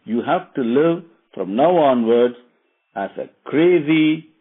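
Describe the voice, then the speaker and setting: A man voicing a shrill, scheming female palace servant in a storytelling lesson, urgent and wailing. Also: animated, slow pace, husky, exaggerated voice. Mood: lamenting. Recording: tinny phone-like line.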